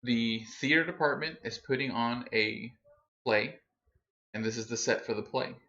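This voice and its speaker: A man game-mastering a tabletop session, his voice bright and forward. He narrates the scene easygoing and unhurried, with plenty of fillers. The sound is muffled, lo-fi stream audio. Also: mid-range voice, fairly even intonation, a little hiss or hum.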